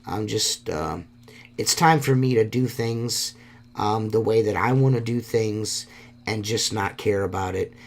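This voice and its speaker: A man's voice: fairly low pitch, measured pace, vocal fry. A man hosting a solo podcast, talking in a rambling, heartfelt way and swearing often. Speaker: podcast host.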